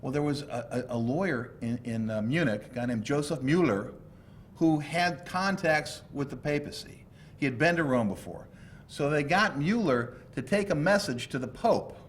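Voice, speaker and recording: A man from the United States giving a lecture with slides, telling history as animated stories with asides and jokes. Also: on the high side, moderate pace, slight background noise. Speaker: law professor lecturing.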